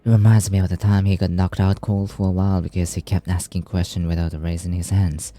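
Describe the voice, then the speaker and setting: A man's voice: low-pitched, level tone, a little fast, few pauses, warm tone. A man streaming a game, reading its dialogue aloud with playful asides. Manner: reads lines aloud with playful asides and frequent laughter.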